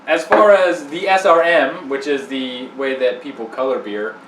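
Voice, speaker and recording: A man's voice: mid-range voice, moderate pace. A man co-hosting a casual beer review, joking as he leads the tasting. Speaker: co-host. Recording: echoey room, far from the mic, faint hiss.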